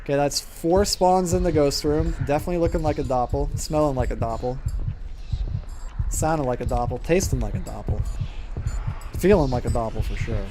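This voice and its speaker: Faint music sits behind a mellow, mid-range male voice moving at a brisk clip. He's a streamer offering casual gaming talk, chattering on with lots of filler and plenty of laughs.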